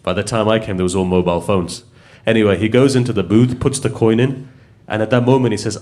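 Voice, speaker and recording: A man's voice: on the low side, fairly even intonation, quick pace, a little mellow. A man preaching, telling a story in a conversational way and putting questions to his listeners. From United Kingdom. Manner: conversational, asks the audience questions. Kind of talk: storytelling sermon.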